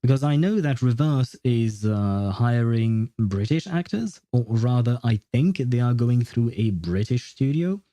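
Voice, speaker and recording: A man's voice: mid-range voice, expressive, a little slow, few pauses, dark tone, dry recording. A man from France, chatting casually on a game livestream, answering viewers with frequent chuckles and lots of hesitant fillers.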